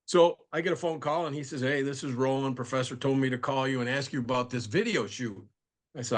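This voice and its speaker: A man's voice: mid-range voice, a little fast. A man on a video call telling a funny story casually, acting out the people he quotes. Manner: animated storyteller, acts out quoted voices. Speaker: guest.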